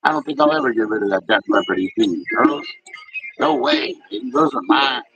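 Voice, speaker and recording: A laid-back man hosting a live stream, greeting viewers and chatting casually with plenty of slang and swearing. His voice has a gravelly edge and swoops up and down a lot. Music plays clearly behind him. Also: lowish voice, huge pitch swings, moderate pace, dull audio. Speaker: livestream host. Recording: music playing in the background.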